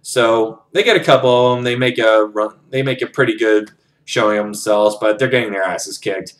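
A man's voice: on the low side, normal speed, a bit bright. Rambling, profane man retelling a story. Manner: rambling and profane, narrates scenes with frequent quoting. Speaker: book reviewer retelling a novel. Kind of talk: casual spoken retelling.

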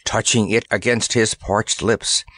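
A man narrating a children's fantasy story in an expressive, animated storytelling manner. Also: fairly low pitch, unhurried, husky, dry recording. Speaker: audiobook narrator.

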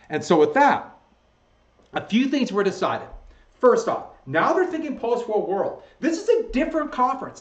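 Guy teaching history off slides, kinda high voice, echoey muffled room. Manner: conversational, self-correcting, chuckles at own slips. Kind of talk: recorded slideshow lecture. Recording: echoey room, dull lo-fi sound.

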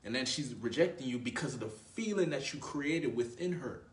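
A man's voice: medium pitch, animated, normal speed, recorded from a distance. A man talking as a dating coach in a casual advice monologue, conversational and slangy, often tagging his points with "right?". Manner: conversational, frequent "right?" tag questions; slangy, addresses viewer as bro. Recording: roomy, voice away from mic.

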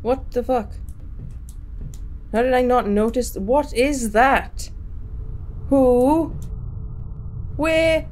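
A woman's voice: sits high, drawn-out words, long pauses, darkish tone. A woman playing a horror game on stream, jumpy and swearing, with nervous laughter. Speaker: let's play gamer.

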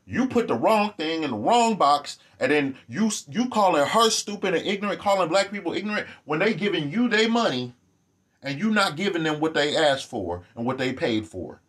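A man giving ranting vlog commentary, animated, profane and sarcastic. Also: fairly high pitch, normal speed.

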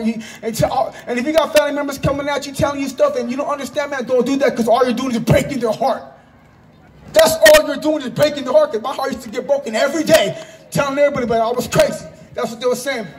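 A man giving an impassioned religious testimony outdoors in a park, often breaking into shouts and repeating himself for emphasis. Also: very high voice.

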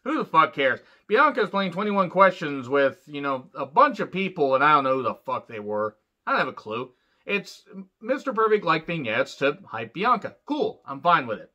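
A man's voice: a little high, sing-song, moderate pace, sharp tone. A man giving a casual, profane, sarcastic rant reviewing a show, rambling loosely as he talks. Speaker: wrestling reviewer. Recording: dull lo-fi sound.

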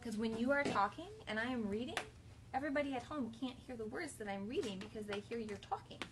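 A woman in her thirties, a kindergarten teacher and mother, reading a picture book aloud to her class while firmly keeping her children quiet. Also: fairly high pitch, quick pace, background noise. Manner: animated read-aloud, firm with her children.

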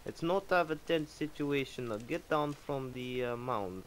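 A man speaking in halting, formal, broken phrases during in-game voice chat role-play. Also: medium pitch, lively intonation, a little hiss or hum. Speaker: game player.

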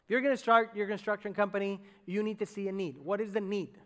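A man preaching a sermon as pastor, in a lively, conversational way, with many fillers and asides to the congregation. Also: sits high, fast. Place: church sanctuary on a stage. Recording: church hall with long reverb.

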